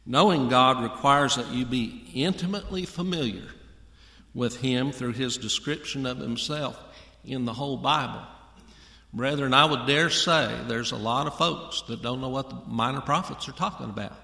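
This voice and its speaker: A man's voice: medium pitch, moderate pace, creaky, pushed and bright. Man preaching in an echoey church hall. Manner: folksy, addresses congregation directly. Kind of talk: sermon. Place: church auditorium. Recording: echoey hall with long reverb.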